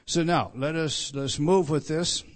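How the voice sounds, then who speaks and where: A man's voice: fairly high pitch, measured pace. A man preaching an expository sermon, emphatic, often repeating himself and restarting sentences. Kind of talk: expository sermon on a Bible passage.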